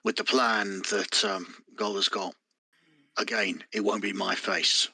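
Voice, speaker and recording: A man's voice: fairly low pitch, level tone, measured pace, vocal fry, pushed and bright, husky, dry recording, low-quality recording. A man playing his character in a tabletop game with crude, sardonic banter. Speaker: player.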